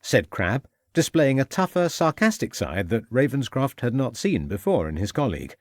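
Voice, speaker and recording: A man reading a crime audiobook in measured scripted narration. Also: medium pitch, big pitch swings, no echo, clean studio sound.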